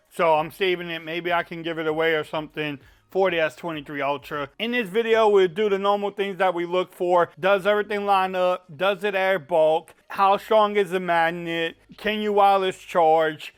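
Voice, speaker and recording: Cajun guy, high smooth voice, folksy casual tech reviewer. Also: fairly even intonation, normal speed, a bit bright. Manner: chatty, folksy, says y'all.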